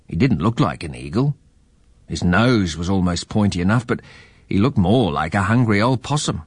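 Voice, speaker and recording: A man reading a children's story aloud in a lively, expressive way. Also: sits low, normal speed, slightly rough, no echo.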